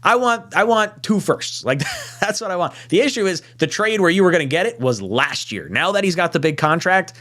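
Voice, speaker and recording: A man hosts a live streamed fan panel, reading super chats aloud and riffing on them. His voice sits a little high and swings widely in pitch. The delivery is casual, animated and peppered with swearing. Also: fairly quick. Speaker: podcast host.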